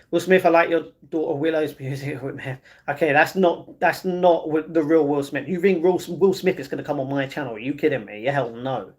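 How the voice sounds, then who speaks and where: Easygoing man chatting on a livestream. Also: a little high. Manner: chatty and easygoing, with halting restarts. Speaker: livestream host. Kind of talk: casual livestream chat, reading viewer comments aloud.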